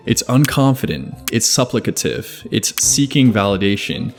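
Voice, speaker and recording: A man with a somewhat low voice reads a scripted video essay. His delivery is measured and evenly explanatory, never rushed. Faint music plays quietly behind him. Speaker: narrator. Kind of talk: scripted narration. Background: faint background music.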